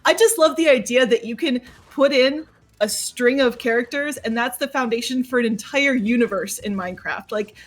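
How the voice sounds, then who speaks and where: A woman's voice: a little high, normal speed. Upbeat giggly woman commentator. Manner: upbeat and giggly, addressing chat. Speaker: charity stream commentator. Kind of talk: live stream commentary.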